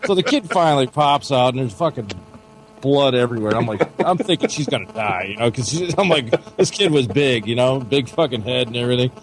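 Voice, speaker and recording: A man's voice: mid-range voice, animated, brisk, rough recording. A man with a Midwestern American accent, co-hosting a casual chat and telling a long story full of swearing. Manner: profane, rambling storyteller. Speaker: podcast co-host. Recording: faint background noise.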